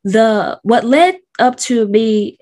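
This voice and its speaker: Woman, 30s, slightly high voice, sick but candid, casual slangy storyteller. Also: lively intonation, takes it slowly, darkish tone. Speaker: host.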